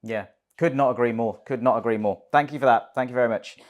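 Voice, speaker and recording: Gentle male interviewer. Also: medium pitch, fast talker. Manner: gentle, agreeable, hesitant phrasing. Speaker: interviewer reading audience questions. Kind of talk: soft interview questions.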